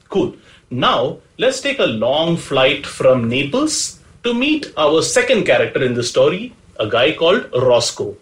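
A man's voice: on the high side, a bit bright, low-quality recording. A man hosting a storytelling podcast, narrating from a script with playful, chatty asides to the listener. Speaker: podcast host.

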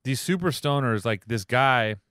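A man's voice: medium pitch, lively intonation, moderate pace, fairly bright tone, clean tone, no echo, clean studio sound. A man co-hosting a casual podcast, bantering and joking with frequent swearing. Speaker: podcast co-host. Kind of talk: casual chat.

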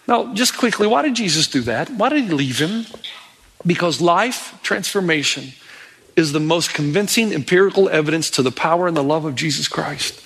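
Middle-aged man, pastor, animated sermon delivery, bright tone. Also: high voice, a little fast, breathy edge. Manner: animated preaching, acts out pleading voices of Bible characters.

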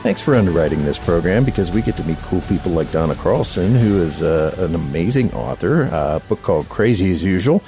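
A man hosting a radio talk show, lively and folksy, chatting with his guest and the listeners. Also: deep voice, fairly quick, hardly any pauses, music in the background. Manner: lively, folksy, talks up the audience. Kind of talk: casual radio interview.

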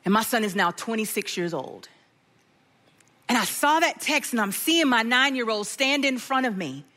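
A middle-aged woman preaching a sermon with a personal story, telling it in an animated way and acting out the voices of the people in it. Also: a little high, normal speed. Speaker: pastor.

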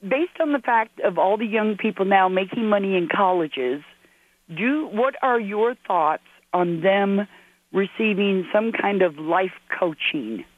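A woman's voice: medium pitch, animated, a little slow. A woman from Arizona calling in to a radio show, speaking politely and formally. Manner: polite, formal, says sir. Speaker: caller. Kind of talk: call-in radio. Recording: tinny phone line.

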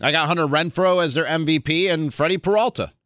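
A man hosting a sports talk radio show, chatty and energetic. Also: a little high, dry recording, studio quality. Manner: energetic, chatty, quick to laugh.

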